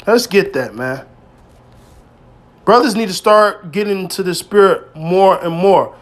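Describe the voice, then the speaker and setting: A man preaching informally to his brothers, with emphatic, street-style speech that swings between loud exhortation and quiet, low asides. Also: a little slow, long pauses. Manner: emphatic and streetwise, peppered with "man" and "hey", swearing freely. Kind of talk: informal scripture teaching.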